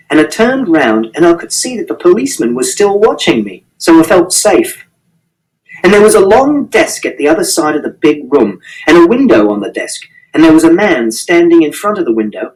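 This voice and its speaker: A man reading a first-person novel aloud in an earnest, literal, matter-of-fact way. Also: a little high. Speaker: reader. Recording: distant mic.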